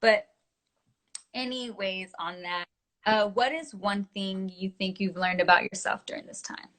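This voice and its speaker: A woman interviewing over a video call, telling stories in an animated way. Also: mid-range voice, a little slow. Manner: animated storyteller.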